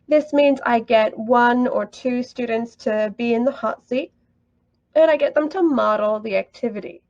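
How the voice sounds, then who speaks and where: A woman's voice: on the high side, moderate pace, darkish tone, no room sound, muffled recording. A woman teaching an online English lesson, upbeat and encouraging, praising students often.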